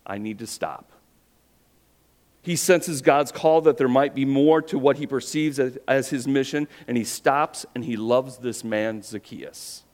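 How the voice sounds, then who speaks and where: A man's voice: mid-range voice, steady tone, measured pace, hardly any pauses. Man preaching a storytelling sermon. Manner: storytelling, drops quiet for emphasis, rhetorical questions. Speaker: pastor.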